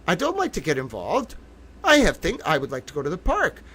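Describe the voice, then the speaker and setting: A man hosting a livestream as a reporter, giddy and sarcastic with loud profane outbursts. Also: fairly high pitch, wildly swooping pitch, quick pace, slightly rough. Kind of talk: ranting livestream commentary.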